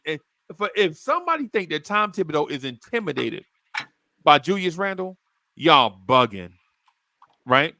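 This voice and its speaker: Gravelly New man hosting a podcast. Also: sits high, normal speed, no echo. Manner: animated storyteller, acts out quotes. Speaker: podcast host. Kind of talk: casual sports chat.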